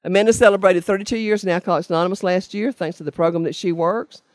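A woman's voice: on the low side, steady tone, quick pace, a little mellow, dry recording. Older woman, earnest testimony, emphatic repetition, dry close sound. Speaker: speaker sharing her recovery story. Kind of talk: personal testimony talk to a meeting.

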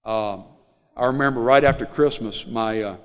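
A middle-aged man with a Southern US accent, telling a personal recovery story to a group in a halting, rambling way, full of fillers. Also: mid-range voice, smooth. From Mississippi Delta, USA. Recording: long hall reverb.

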